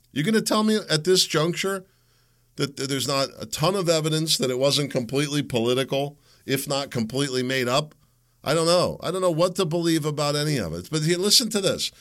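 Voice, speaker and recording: A man's voice: on the high side, expressive, fairly quick, fairly bright tone. A man hosting a talk show, rambling through a casual opinion monologue, interrupting himself and speaking straight to his listeners. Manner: rambling, self-interrupting, talks to listeners directly.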